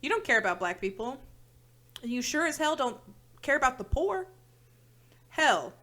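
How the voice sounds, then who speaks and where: A woman's voice: high-pitched, very animated, normal speed, sharp tone. A woman hosting a reaction video, talking in blunt, profane, exasperated rants. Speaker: reaction channel host. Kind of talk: casual reaction commentary.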